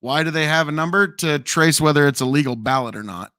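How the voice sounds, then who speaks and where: A man's voice: on the high side, brisk, bright, forceful tone, dry recording. A male debate show host arguing in a combative, sarcastic way.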